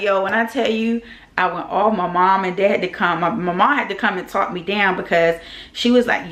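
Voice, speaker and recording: A young woman vlogging casually, telling a personal story in an animated, heated way with lively quoted rants and features. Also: medium pitch, brisk.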